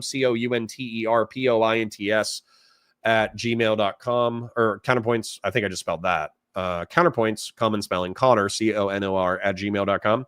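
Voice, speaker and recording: A man's voice: mid-range voice, fairly bright tone, clear, resonant tone, dry recording, studio quality. A man from Florida hosting a casual livestream, reading out chat donations and rambling bluntly in reply. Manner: rambling and blunt, reads chat messages aloud.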